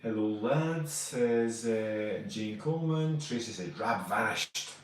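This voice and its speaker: A man's voice: lowish voice, expressive, slow pace, distant mic. Chatty Scottish man in an echoey room. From Scotland. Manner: chatty, reads out viewer names and greets them. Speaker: co-host of a live stream. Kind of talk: casual live-stream chat reading comments.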